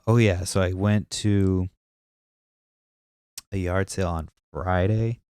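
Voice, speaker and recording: A man's voice: deep voice, creaky, darkish tone, no room sound, clean studio sound. A young man with a stuffy nose, hosting a podcast as a rambling, profane casual monologue full of fillers. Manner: profane, meandering storytelling with many fillers. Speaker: podcast host.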